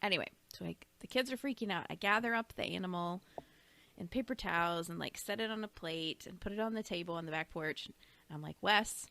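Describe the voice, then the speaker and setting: A woman co-hosting a podcast, telling a funny family story in a casual, animated way. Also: fairly low pitch, a little fast, gravelly. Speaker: podcast co-host.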